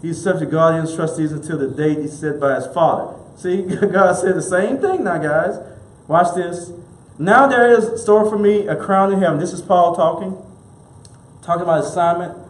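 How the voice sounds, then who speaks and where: High-voiced man preaching in an echoey room. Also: moderate pace. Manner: emphatic preaching, repeats key lines, leads congregation call-and-response. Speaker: minister. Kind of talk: sermon.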